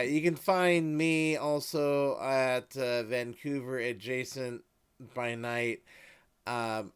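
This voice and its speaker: Smooth-voiced, halting man. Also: mid-range voice. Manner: hesitant, halting, guarded. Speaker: creative director and player. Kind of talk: casual chat.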